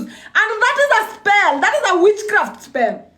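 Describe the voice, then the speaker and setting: Very high-voiced woman preaching. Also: wildly swooping pitch, a little slow, bright, forceful tone. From East Africa. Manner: emphatic, repeats lines, laughs often. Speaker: spiritual speaker. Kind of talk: impassioned spoken address. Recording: roomy echo.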